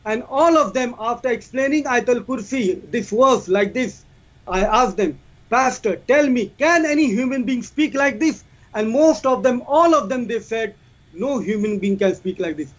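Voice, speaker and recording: A man's voice: extremely high pitch, highs cut off. A man presenting his case in a debate, reciting verses and translating them with repetitive emphasis. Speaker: Muslim debater.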